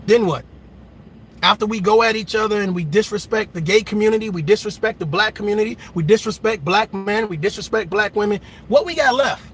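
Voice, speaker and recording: A man hosting a reaction channel, delivering a loud, emphatic and mocking rant that keeps repeating itself. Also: high-pitched, fast talker, hardly any pauses, a little hiss or hum.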